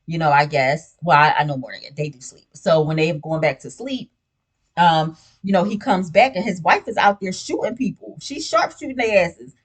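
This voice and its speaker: A woman's voice: lowish voice, moderate pace. A woman hosting a casual spoiler recap of a TV show. She talks in a chatty, slangy way and keeps asking "you know what I'm saying". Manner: sips a drink while talking.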